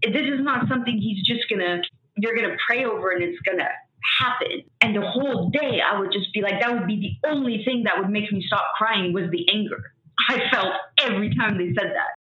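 A young woman talking haltingly through grief, tearful, with many fillers and restarts. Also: medium pitch. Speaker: guest sharing grief. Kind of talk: emotional conversation. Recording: roomy, slightly dull sound.

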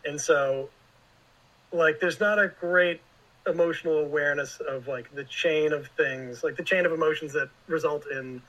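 A man's voice: a little high, fairly even intonation, moderate pace, a bit bright, muffled recording. A man talking as a guest writer in a casual interview, rambling and leaning heavily on filler words.

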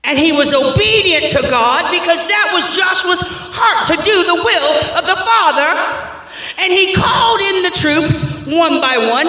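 Brief: high, bright-toned male preacher, fervent and shouting, in an echoey church hall. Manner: fervent, shouting, slangy storytelling. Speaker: pastor. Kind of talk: sermon. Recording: echoey hall with long reverb.

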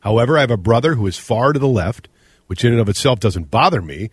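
A man from Minnesota with a Minnesotan accent, co-hosting a radio show in casual, animated talk. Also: mid-range voice, quick pace, husky, dry recording. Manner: animated, ranting, mimics accents. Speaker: radio co-host.

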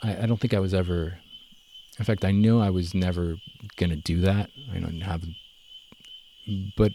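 A young man telling his story in a relaxed, rambling way, full of fillers and self-corrections. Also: low-pitched, normal speed, a little hiss or hum. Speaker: guest. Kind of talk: casual conversational storytelling.

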